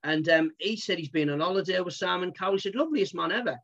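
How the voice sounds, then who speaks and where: A man's voice: sits high, steady tone, fast, a bit bright, muffled recording. A man, a comedian, chatting casually in an interview, rambling with lots of fillers. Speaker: comedian and impressionist.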